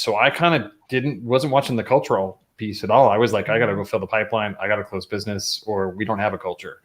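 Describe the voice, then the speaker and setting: Male host, chatty and rambling, mid-range voice. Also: medium pitch. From Colorado, US. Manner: rambling, conversational, many restarts. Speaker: podcast host. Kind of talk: casual talk with ad segment.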